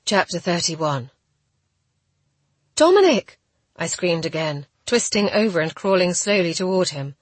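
A woman reading a first-person novel aloud in a steady, measured narrating style. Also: fairly low pitch, no echo. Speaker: audiobook narrator.

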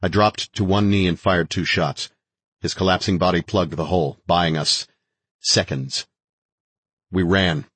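A man's voice: sits low, fairly even intonation, a little slow, long pauses, fairly bright tone, breathy edge, no room sound. A man narrating a first-person action thriller with a terse, driving delivery. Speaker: audiobook narrator.

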